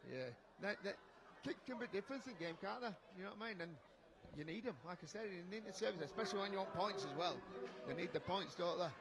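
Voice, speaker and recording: Fast-talking Yorkshire man on commentary. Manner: chatty, fast, blunt and joking. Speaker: co-commentator, former fullback. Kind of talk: live match co-commentary. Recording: noisy pitchside ambience.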